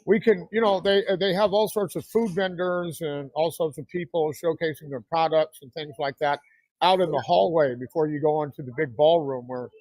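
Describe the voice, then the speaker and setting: Guy hosting a talk show, kinda high voice, dry close sound, rambles with lots of uh and um. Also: fairly even intonation, moderate pace, a little mellow, no room sound, poor audio. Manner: rambling promotional, many fillers. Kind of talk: casual interview chat.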